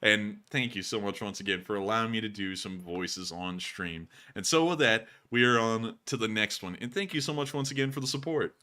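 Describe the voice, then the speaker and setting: A man hosting a livestream, explaining tactics and thanking donors in a relaxed, chatty way. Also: lowish voice, fairly quick, few pauses. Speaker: livestream host. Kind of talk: casual stream commentary.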